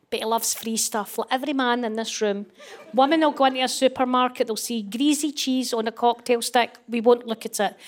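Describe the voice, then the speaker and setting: A middle-aged Scottish woman doing stand-up comedy, telling a story and acting out the voices of the people in it. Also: sits high. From Scotland. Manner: animated, acts out voices, laughs through punchlines.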